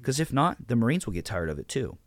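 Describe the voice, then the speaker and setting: A man's voice: medium pitch, big pitch swings, fast talker, dry recording. A blunt, profane man in his thirties, a podcast guest telling stories about how he ran his platoon. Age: 30s. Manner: blunt, profane, retells his own orders. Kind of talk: casual interview storytelling.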